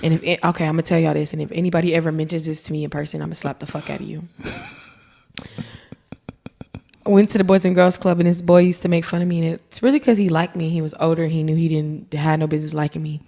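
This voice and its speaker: A woman's voice: low voice, fairly even intonation, quick pace, gravelly, warm tone. A young woman from Texas, a podcast guest telling stories in a brash, profane, laughing way. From Texas, USA. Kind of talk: casual chat.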